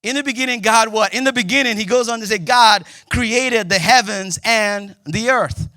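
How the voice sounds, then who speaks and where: A young male pastor delivers a sermon in a loose, conversational way, cracking small jokes and suddenly hitting key words loudly. His voice sits high and sounds bright and forceful. The sound is close and dry, with no room echo. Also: normal speed. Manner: lively, conversational preaching with jokes and sudden loud emphasis. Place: church auditorium.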